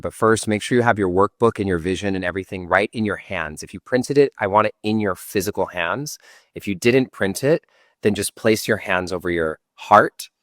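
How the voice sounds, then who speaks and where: A man slowly guiding listeners through an affirmation meditation in a soothing, drawn-out way, as a workshop teacher. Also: low-pitched, a bit bright, no echo, studio quality. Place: online workshop session.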